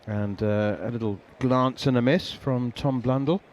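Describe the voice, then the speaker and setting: A man's voice: mid-range voice, steady tone, a little slow, darkish tone, lo-fi sound. Chatty male cricket radio commentator. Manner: chatty, laughs easily, many ums and uhs.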